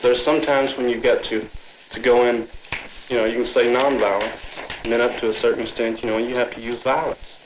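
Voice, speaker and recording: A man's voice: medium pitch, fairly even intonation, brisk, reverberant. Intense streetwise man over noise. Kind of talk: street group discussion. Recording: noisy 1960s film sound.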